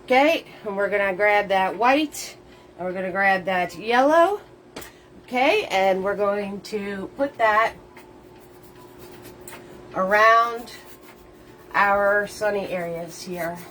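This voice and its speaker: A woman's voice: mid-range voice, lively intonation, slow pace, pauses often, a bit bright, a little hiss or hum, rough recording. A woman hosting a live painting lesson. She chats cheerfully with viewers, greets each one by name with pet names, and laughs often between steps. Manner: playful made-up words.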